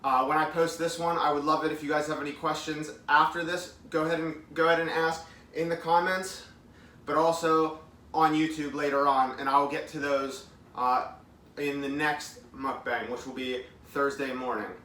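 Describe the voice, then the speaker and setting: A man's voice: fairly high pitch, little pitch movement, moderate pace, sharp tone. A man in his thirties hosting a casual live eating stream at home, chatting upbeat with his viewers and reading their comments aloud. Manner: chatty, upbeat, talks with mouth full, reads comments aloud. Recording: echoey room, mic at a distance.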